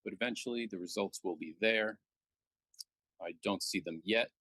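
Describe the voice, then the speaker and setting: A man commentating a live backgammon match, joking and relaxed as he banters with his co-host. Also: lowish voice, normal speed, no room sound.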